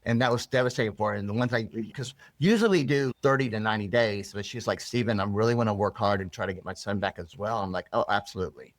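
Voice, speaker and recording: A man's voice: on the low side, fast talker, hardly any pauses, dry recording. A man being interviewed, earnestly telling a personal story with many restarts and rambling asides. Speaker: interview guest.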